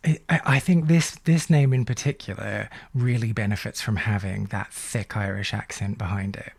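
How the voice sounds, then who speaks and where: A man's voice: fairly low pitch, fairly even intonation, moderate pace, creaky, slightly rough, dry recording. A man hosting a casual interview, who laughs often and asks questions in a friendly, giggly way. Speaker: podcast host, interviewer.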